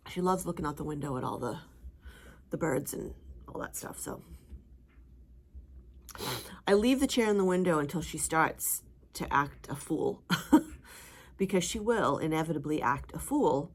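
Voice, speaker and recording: A woman's voice: expressive, unhurried, pauses often, husky. A woman chatting casually in a home vlog, rambling with fillers and talking sweetly to her dog. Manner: high sing-song voice when talking to her dog. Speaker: home vlogger.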